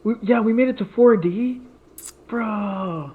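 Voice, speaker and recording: This co-host speaks slowly in a high-pitched voice as he improvises a story, rambling with plenty of fillers and false starts. It's a casual podcast chat. The sound is tinny, like a phone line.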